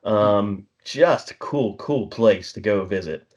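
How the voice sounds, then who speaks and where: A man's voice: on the low side, slow pace, darkish tone. Middle-aged man telling rambling stories. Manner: rambling storyteller, chuckles often, acts out dialogue. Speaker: podcast co-host. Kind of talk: casual chat. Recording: slightly dull lo-fi recording.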